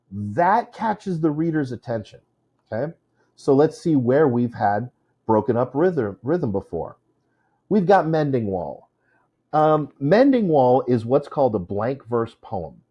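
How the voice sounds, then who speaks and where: A man's voice: medium pitch, big pitch swings, takes it slowly, slightly rough, highs cut off. A man teaching a casual lesson on poetry, chatty, with many fillers, stopping to correct himself. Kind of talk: informal classroom lesson.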